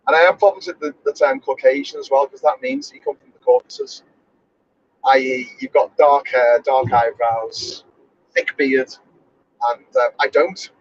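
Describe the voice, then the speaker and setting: A man's voice: medium pitch, animated, moderate pace, husky, no echo. A man hosting a casual chat, rambling and opinionated, correcting himself as he goes. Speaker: podcast host. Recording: dull lo-fi recording.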